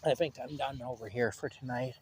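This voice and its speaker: A man with a medium-pitched voice talks a little fast over slight background noise. He's a storyteller sharing a casual work anecdote outside while picking strawberries, rambling along with frequent fillers and saying things more than once.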